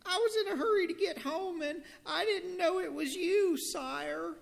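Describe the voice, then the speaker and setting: A man voicing a tiny frightened male mouse, pleading in a squeaky voice, with long church reverb. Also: measured pace, gravelly, heavily acted.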